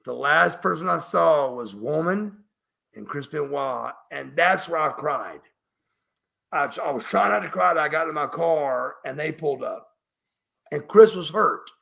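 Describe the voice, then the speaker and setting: A man's voice: a little high, expressive, a little slow, gravelly, a bit bright. A middle-aged man, emphatic and profane, telling a story as a podcast guest. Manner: emphatic, profane, refers to himself by name. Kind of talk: storytelling interview.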